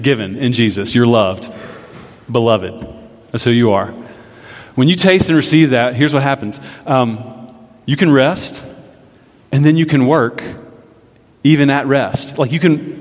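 A man's voice: mid-range voice, a little slow. Man preaching in a reverberant hall. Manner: conversational preaching with playful storytelling voices. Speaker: pastor. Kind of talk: sermon. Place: church sanctuary. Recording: long reverb of a large hall.

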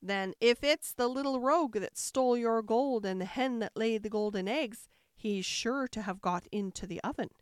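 A woman voicing the ogre's chatty, scolding wife in a fairy tale, in a high sing-song manner. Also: normal speed, few pauses, smooth, no echo, clean studio sound, lightly acted.

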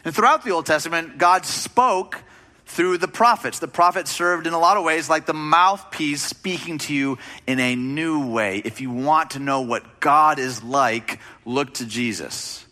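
A man's voice: a little high, unhurried, sharp tone. A man preaching a sermon as a pastor, speaking in a conversational, emphatic way with rhetorical questions.

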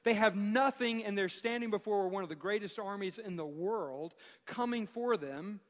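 A man preaching a sermon as pastor, speaking emphatically with dramatic pauses and rhetorical questions. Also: high voice, big-room sound.

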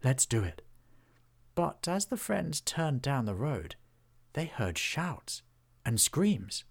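A man who writes and narrates his own storybook series, reading in a measured storytelling cadence. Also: fairly high pitch, very animated, creaky. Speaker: author and narrator.

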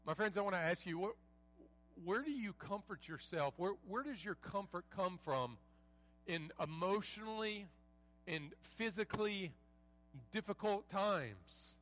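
A man preaching as a pastor, reading scripture and praying in an earnest, measured way with folksy asides, a bit under the weather. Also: high voice, expressive, a bit bright. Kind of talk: sermon with scripture reading and prayer. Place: church sanctuary.

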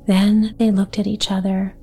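A woman reading a gentle bedtime story aloud in a soft, unhurried way. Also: medium pitch, flat delivery, faint music behind.

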